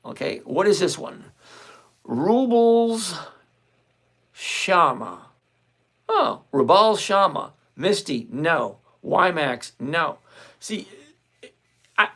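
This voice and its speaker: A man's voice: fairly high pitch, fairly bright tone. A man hosting a live stock-trading stream, talking casually and lecturing his viewers with an exasperated, emphatic manner. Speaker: livestream stock trading host. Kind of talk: casual livestream commentary.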